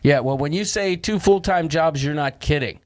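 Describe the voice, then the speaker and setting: A man's voice: on the high side, normal speed. A man hosting a casual livestream chat, jokey and upbeat, reading out viewers' names and throwing in puns. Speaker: host.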